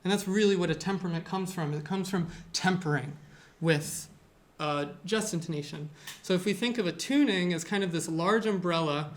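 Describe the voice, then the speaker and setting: Music teacher, mid-range voice, informal classroom lecture, chatty and meandering with many fillers. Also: mid-range voice. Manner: loose and chatty, with frequent fillers and self-corrections. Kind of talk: casual lecture.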